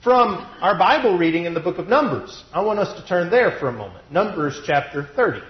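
A man preaching a sermon through a cough, slowing down to stress his points, at a pulpit mic in a church. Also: high-pitched, sing-song. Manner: measured, deliberate delivery with slowed emphasis. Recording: roomy, dull lo-fi sound.

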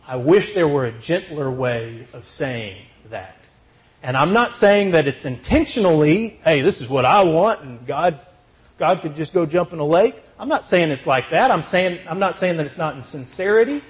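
A man's voice: a little high, moderate pace. A man preaching a sermon, firing rhetorical questions and then answering them himself. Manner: emphatic rhetorical questions, then calmer and gentle. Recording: dull lo-fi recording.

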